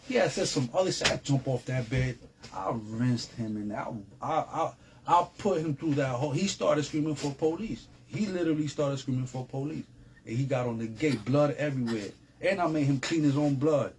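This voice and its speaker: A man telling a story as an interview guest. He talks in a streetwise way, repeating his phrases and leaning on slang. Faint noise sits behind him, with a somewhat high voice. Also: animated, a little fast, a little mellow. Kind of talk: casual storytelling.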